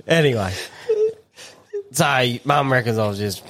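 A man on a podcast, telling a story in an animated, laughing way. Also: lowish voice, a little slow, pauses often. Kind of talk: casual chat.

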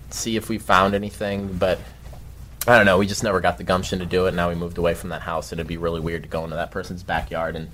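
A young man telling a story in casual talk, animated, swearing often and shouting his own outbursts. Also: on the low side, slight background noise. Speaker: guest storyteller.

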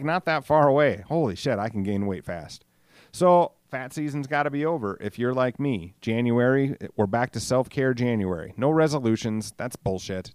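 Middle-aged male podcast host, loose and profane, dry close mic, mid-pitched. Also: a little mellow, smooth, no echo. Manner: rambling, profane, self-deprecating. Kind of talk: casual solo podcast monologue.

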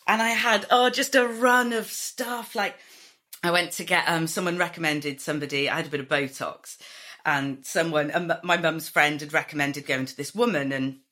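A Welsh woman in her thirties, a comedy writer chatting casually and telling animated stories, swearing freely and acting out other people's voices. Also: deep voice, moderate pace. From Wales. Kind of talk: casual chat.

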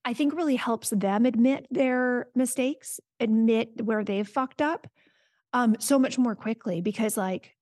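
A woman guest on a podcast talks frankly and casually, cursing often and slipping into quick acted-out quotes. Her voice sits fairly high, and the sound is close and dry. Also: darkish tone, no room sound. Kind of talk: candid casual chat.

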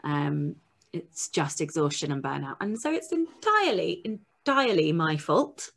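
A woman's voice: low voice, very animated, a little slow, gravelly, a bit bright. A woman co-hosting a podcast, chatting casually and wryly, worn out and tired. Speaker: podcast co-host. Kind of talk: casual chat.

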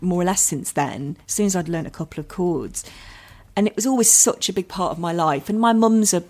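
A woman's voice: fairly low pitch, brisk, a little mellow. Chatty, self-deprecating Englishwoman. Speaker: guest, comedian and author. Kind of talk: casual podcast chat.

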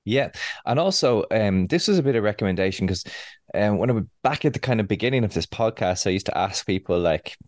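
A man co-hosting a podcast in casual chat, relaxed and hesitant with frequent ums. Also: fairly low pitch, fairly quick, no echo, studio quality. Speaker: podcast co-host.

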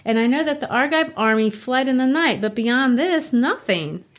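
A woman's voice: sits high, expressive, normal speed, voice pushed up. A woman reading as timid Ismene, pleading. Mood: uneasy. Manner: pleading, anxious read-aloud. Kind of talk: classroom play reading.

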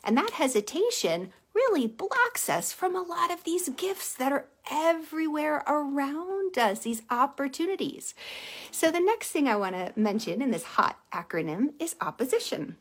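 A woman hosting a casual motivational livestream, telling stories animatedly and dropping to a soft hush on key points. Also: high voice, normal speed. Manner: animated storytelling with acted-out quotes. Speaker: live stream host, empath coach.

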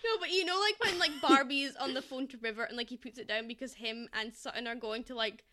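A young woman co-hosting a casual podcast, excitable and swearing casually as she tells stories. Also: high-pitched, fast talker. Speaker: podcast co-host. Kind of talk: casual chat.

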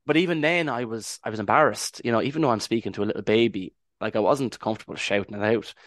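A man's voice: lowish voice, fast, a bit bright, dry recording, studio quality. An Irish man, a podcast guest, talking casually and reflectively, rambling a little with restarts as he tells his story. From Ireland. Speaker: podcast guest, language advocate.

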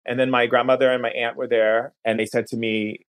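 A man, a podcast guest, telling a long personal story in an earnest way, slowing down at key moments and restarting phrases. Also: mid-range voice, level tone, clear, resonant tone.

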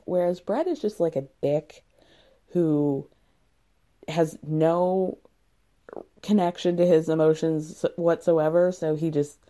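A woman's voice: fairly low pitch, mellow, dry recording, studio quality. A young woman recapping a reality show in casual, sarcastic chat, blunt and swearing freely.

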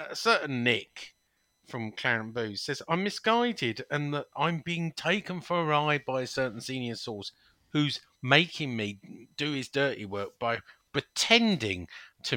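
A man's voice: medium pitch, sharp tone, dry recording. A man co-hosting a casual podcast, telling rambling anecdotes in a chatty way. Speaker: podcast co-host. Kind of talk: casual chat.

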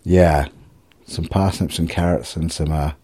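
Very deep, husky rambling man. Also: fairly even intonation, a little slow, dark tone. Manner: rambling, self-mocking, sweary. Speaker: vlogger. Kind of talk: casual solo video diary.

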